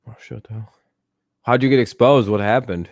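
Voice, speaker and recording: A man's voice: mid-range voice, moderate pace, dry recording, clean studio sound. A young man streaming live, rambling casually to his chat with lots of swearing and laughter. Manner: rambling, profane, laughs often, talks to chat.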